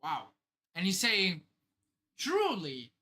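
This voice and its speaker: Slow-talking bright-voiced woman streamer. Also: mid-range voice, animated. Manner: exclaims, swears and laughs, thinking aloud. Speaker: streamer hosting a live manga reaction. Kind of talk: excited live reaction commentary.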